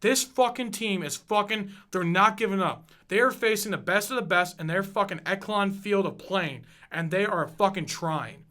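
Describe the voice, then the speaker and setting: A man's voice: high-pitched, moderate pace, few pauses, sharp tone. A young man in his twenties hosting a podcast, ranting about football with lots of swearing and emphatic energy. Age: 20s. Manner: profane, fired-up, emphatic. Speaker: podcast host. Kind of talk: casual sports rant.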